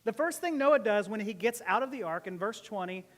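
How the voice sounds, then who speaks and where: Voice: mid-range voice, expressive, a little fast, a bit bright, in a large hall. A pastor giving a casual, joking sermon to a church, often laughing between points. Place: church service.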